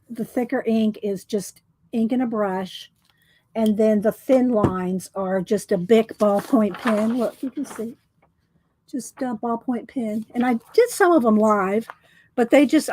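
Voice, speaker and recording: A woman's voice: fairly high pitch, a little slow, a little mellow, rough recording. Chatty woman showing her art. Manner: chatty, rambling, says y'all. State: out of breath. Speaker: artist vlogger. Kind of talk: casual chat while showing artwork.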